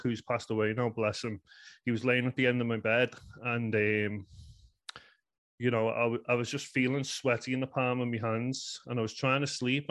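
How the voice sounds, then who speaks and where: This English guest in his thirties, with a Liverpool accent, wanders earnestly through a story from his own life, dropping "you know" again and again. His mid-range voice has a fairly bright tone.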